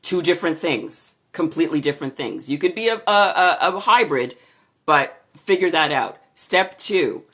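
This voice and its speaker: Upbeat, chatty woman with a low voice. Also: animated, moderate pace, fairly bright tone. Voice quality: low-registering voice. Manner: chatty and upbeat, greets viewers by name. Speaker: voice-over artist hosting a live Q&A. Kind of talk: casual live-stream chat answering viewer questions. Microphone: camera or phone for a live stream.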